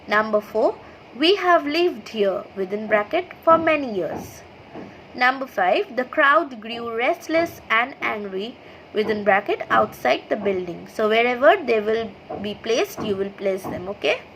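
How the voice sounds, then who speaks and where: A high-pitched woman with an Indian English accent teaches a children's grammar lesson, reading each example aloud and stopping to say "okay". A faint hiss sits under her voice. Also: expressive, fairly bright tone, low-quality recording. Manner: reads sentences aloud, then names the punctuation; slow, explanatory, checks in with "okay". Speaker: school teacher. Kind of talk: online class lesson over slides.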